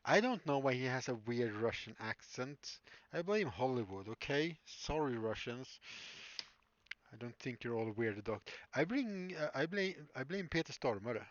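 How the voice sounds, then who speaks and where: A man's voice: mid-range voice, lively intonation, moderate pace, no room sound, dull audio. A man streaming live as a prop maker, rambling casually and answering chat with frequent laughs. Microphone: streaming mic.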